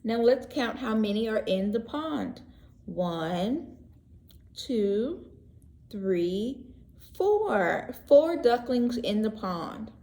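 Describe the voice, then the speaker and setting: Woman, preschool teacher, read-aloud lesson, gentle, expressive, slow, echoey room. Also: on the high side. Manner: gentle, expressive, asks children questions. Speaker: pre-K teacher. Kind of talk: read-aloud story lesson for young children.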